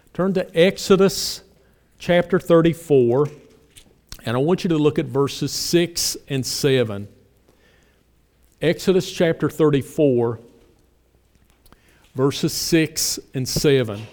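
A man's voice: a little high, animated, slow pace, long pauses, darkish tone. A male pastor preaching a sermon, asking his congregation pointed rhetorical questions.

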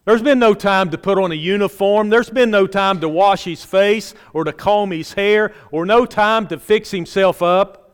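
A man preaching a sermon to his congregation in earnest tones, repeating phrases for emphasis and dropping soft and low at the ends of lines. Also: normal speed, hardly any pauses, smooth. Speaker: pastor. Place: church sanctuary. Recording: long hall reverb.

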